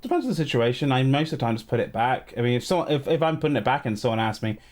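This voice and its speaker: This is a man with an average pitch, ranting to his co-hosts on a podcast. He is exasperated and swears a lot. The talk is casual and unscripted. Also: expressive, rapid-fire, a little mellow. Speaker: podcast co-host.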